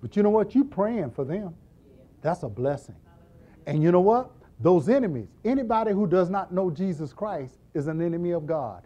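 Speaking at a moderate pace in a high voice, a middle-aged deacon gives a comic Bible teaching on a muffled recording. He's animated throughout, voicing characters in little scenes, cracking jokes, and laughing.

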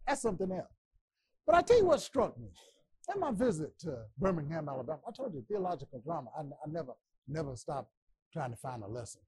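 Impassioned, husky male preacher. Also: on the high side, big pitch swings, quick pace. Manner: impassioned, stammering repetitions, rising to shouts. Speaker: Bible class teacher. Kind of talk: preaching Bible lesson.

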